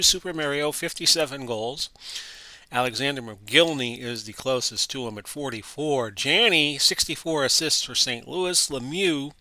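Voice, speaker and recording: A man with a Florida accent talks through a sports simulation in a chatty, offhand way, stumbling over names and correcting himself as he goes. His voice is strikingly bright and forceful, with a middling pitch. The recording is dry and close, with no room sound. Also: dry recording. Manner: chatty, reading off stats with self-corrections. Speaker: host of sports simulation channel. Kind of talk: casual play-by-play of a simulation game.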